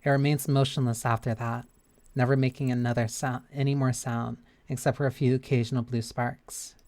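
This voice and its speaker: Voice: mid-range voice, level tone, a little fast, darkish tone. Chatty streamer reading a game aloud. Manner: chatty, reads game text aloud with many fillers. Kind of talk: live game stream commentary.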